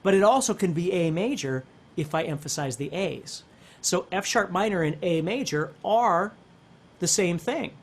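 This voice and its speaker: A man's voice: high voice, animated, moderate pace. A man giving a casual guitar lesson, explaining step by step and checking in with the viewer as he goes. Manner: explanatory, checks in with "okay?" and "right?". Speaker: guitar instructor. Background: guitar playing.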